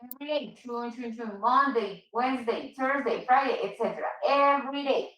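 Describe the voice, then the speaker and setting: Patient high-voiced woman teaching English. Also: a bit bright, distant mic. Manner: patient, repeats and explains slowly, switches into Spanish. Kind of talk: online English class for Spanish speakers. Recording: echoey room.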